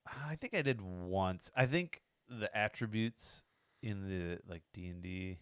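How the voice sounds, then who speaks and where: A man's voice: deep voice, a little slow, a bit bright, smooth, dry recording, studio quality. A man co-hosting a casual podcast, hesitant and full of fillers as he searches for words. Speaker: podcast co-host. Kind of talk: casual chat.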